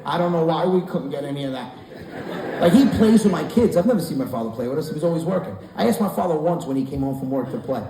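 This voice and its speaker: A man's voice: a little high, lively intonation, fast, noisy background. A man in his forties doing a stand-up comedy set before a live audience in a large hall, telling profane stories brashly. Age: 40s. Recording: echoey hall, far-off mic, crowd laughter.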